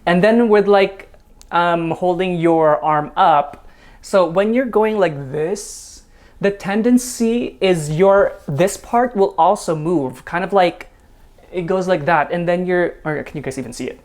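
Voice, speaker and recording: A man hosting a casual dance reaction video, chatty, laughing often and filling pauses with ums. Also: sits high, darkish tone.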